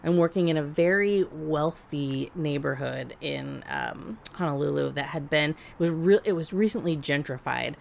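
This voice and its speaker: A podcast co-host with a low, gravelly voice tells a story in blunt, profane, casual chat, speaking at normal speed with few pauses. She's animated and laughs as she talks, and a faint hiss runs beneath her voice.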